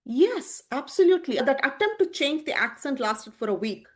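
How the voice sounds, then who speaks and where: A woman with an Indian accent talks earnestly as a guest in an interview. Her voice sits fairly high, and she speaks with lively restarts. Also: normal speed. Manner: earnest and animated, with many restarts. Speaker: guest, tech leader. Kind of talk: interview conversation.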